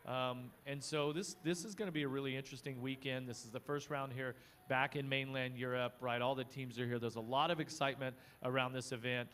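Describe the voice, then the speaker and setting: Male co-host, mid-pitched, laid-back teasing chat outdoors. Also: steady tone, fairly quick, hardly any pauses, a bit bright, a little hiss or hum. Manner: easygoing, teasing, many fillers. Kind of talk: live paddock broadcast chat. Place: outdoor motocross paddock.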